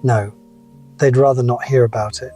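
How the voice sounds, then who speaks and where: A man's voice: medium pitch, steady tone, normal speed, dark tone, soft background music. A man in his seventies telling wry, reflective personal stories as a scripted motivational talk. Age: 70s. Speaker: motivational speaker.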